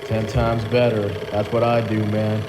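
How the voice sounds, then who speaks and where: Performer as a flat-voiced gym bro, laid-back, drawls "bro" and "man", live hall sound. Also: lowish voice, unhurried, voice pushed down, natural voice. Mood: dismissive. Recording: live hall reverb with room noise.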